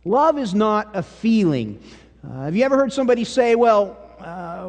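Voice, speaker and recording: Folksy pastor preaching in a hall. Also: male voice, high voice, brisk. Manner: folksy storytelling, drops to a hush for serious parts. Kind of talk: sermon. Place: church sanctuary. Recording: church hall reverb.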